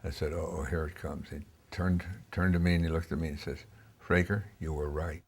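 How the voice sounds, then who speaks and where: A man's voice: a bass voice, fairly even intonation, fast talker, vocal fry, a little mellow, breathy edge. An older man being interviewed, telling film-set stories in a blunt, salty, emphatic way. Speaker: cinematographer interviewee. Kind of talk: anecdotal interview storytelling.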